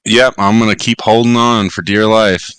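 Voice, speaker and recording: A man playing a tabletop game, eager and animated, laughing and filling talk with "like". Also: on the low side, normal speed, clean tone, no echo. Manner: eager, animated, laughs often, says "like" a lot. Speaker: player. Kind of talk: casual tabletop play.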